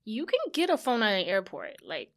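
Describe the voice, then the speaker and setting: A woman's voice: mid-range voice, wildly swooping pitch, a little fast, vocal fry. A woman co-hosting a casual podcast, gossiping bluntly and animatedly about reality TV. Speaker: podcast co-host. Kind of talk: casual chat.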